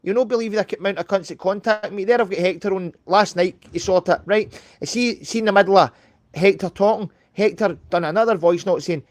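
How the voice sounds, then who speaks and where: A middle-aged Scottish man hosting a live stream, telling a rambling story fast and swearing freely. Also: high-pitched, no room sound. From Scotland. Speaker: livestream host. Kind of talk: casual chat on a live stream.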